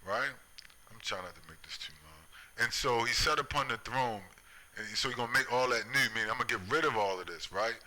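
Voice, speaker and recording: A man's voice: mid-range voice, expressive, a little fast, pushed and bright, poor audio. A man giving an impassioned religious commentary monologue in a preachy way, often asking "right?" and building to an angry, raised voice.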